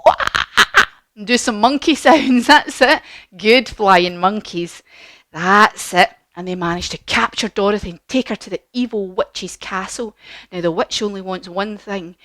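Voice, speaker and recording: A woman teaching a children's yoga class as a story, lively, encouraging and sing-song. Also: medium pitch, no room sound.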